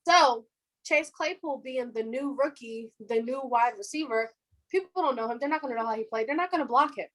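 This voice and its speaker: A young woman in her twenties chats about football on a casual podcast. Her voice sits somewhat high, and she talks in a loose, animated way, laughing often. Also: a little fast, poor audio. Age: 20s. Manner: fan of the team, says "our defense". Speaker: podcast co-host. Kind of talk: casual sports chat.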